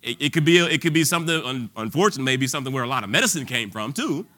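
Man, preacher, informal sermon, conversational, very bright tone. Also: medium pitch, expressive, fast talker. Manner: conversational, full of restarts and fillers, rising to bold declarations.

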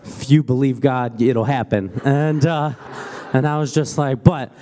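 A man, a father, giving a church testimony with lively storytelling, acting out his children's voices. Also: mid-range voice, unhurried, a little hiss or hum. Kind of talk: spontaneous testimony.

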